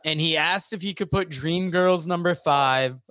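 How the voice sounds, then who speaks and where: A male podcast co-host with a fairly high voice, recorded close and dry with no room sound. He talks in an easygoing, brief way. He reads out lists between short remarks. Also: unhurried, fairly bright tone, dry recording. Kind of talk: casual chat.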